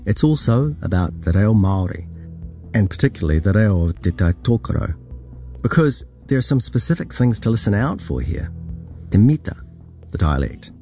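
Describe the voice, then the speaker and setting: Calm male podcast narrator. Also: fairly low pitch, soft background music. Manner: calm, measured, explains terms. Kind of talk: scripted narration.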